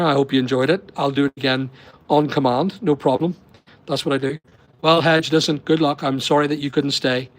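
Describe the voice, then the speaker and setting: A middle-aged man from Northern Ireland, with a matching accent and a mid-range voice, chats rambling on a livestream from holiday lodgings abroad, answering viewers' comments as they come. The audio is poor, captured on a laptop or phone over a weak connection.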